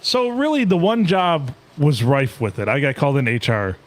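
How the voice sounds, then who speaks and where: A man's voice: medium pitch, expressive, normal speed. A male podcast host in casual, jokey chat who laughs often.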